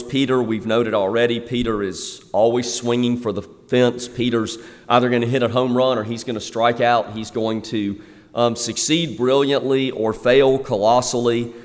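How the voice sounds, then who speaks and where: A male pastor preaching a sermon, chatty with the congregation and emphatic on key points, slowing down to stress the scripture he reads. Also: mid-range voice, long reverb tail. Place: church sanctuary.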